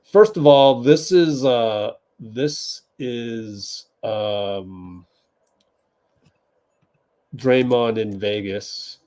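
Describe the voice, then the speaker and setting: Man, livestream host, unhurried talk, mid pitch, keyboard clicks behind, giggly and chatty. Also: mellow. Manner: laughs often, talks to chat while typing. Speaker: watch party host. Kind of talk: casual livestream chat. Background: keyboard typing.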